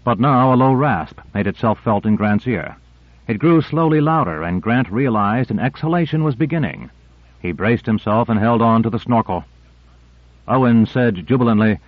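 Male narrator, mid pitch, steady measured reading; lo-fi tape. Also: no echo. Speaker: audiobook narrator. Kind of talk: scripted narration. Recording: narrow-band dry tape recording.

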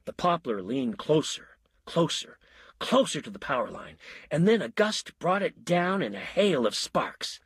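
Husky guy reading an audiobook, lively, dry close sound. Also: fairly high pitch, a little slow, no echo. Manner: expressive, voicing many characters. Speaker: narrator. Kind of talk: audiobook narration.

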